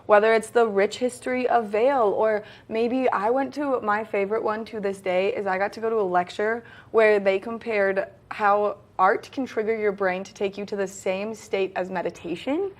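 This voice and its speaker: A woman co-hosts a local morning show in a bright, eager voice. She rattles through lists of events with steady enthusiasm, speaking in a natural, mid-range voice. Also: medium pitch, normal speed, few pauses. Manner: enthusiastic, breathless rush through listings. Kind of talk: upbeat local TV chat.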